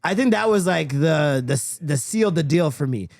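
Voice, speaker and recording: A man co-hosting a podcast in casual chat, animated and quick to laugh. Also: on the high side, no room sound, clean studio sound. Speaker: podcast co-host.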